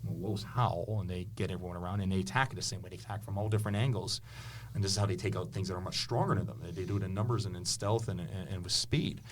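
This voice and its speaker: A history teacher and author with a low, fast voice tells stories eagerly in a casual interview indoors with a podcast host. He restarts a lot, and there's a slight hiss or hum in the audio.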